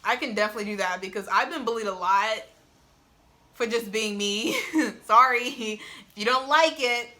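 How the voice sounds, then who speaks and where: A woman's voice: fairly high pitch, normal speed, sharp tone. A young woman telling a personal story in a casual vlog, chatty and full of "like", laughing often, filmed on a phone on a tripod. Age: young adult. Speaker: vlogger. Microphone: phone camera on tripod.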